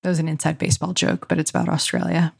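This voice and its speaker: A woman's voice: sits low, level tone, vocal fry, husky. Chatty, laughing woman podcast co-host. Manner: chatty, laughing, quick asides. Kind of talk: casual podcast chat.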